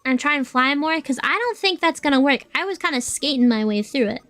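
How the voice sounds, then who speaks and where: High-voiced playful woman streamer. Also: lively intonation, brisk, a bit bright. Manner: playful, swears, reads and answers chat. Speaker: VTuber streamer. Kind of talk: casual gaming livestream chat. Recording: dry voice with faint game music.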